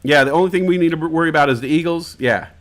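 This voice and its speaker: A man hosting a live-stream talk show, telling stories in a casual, profane, animated way. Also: on the high side, very fast.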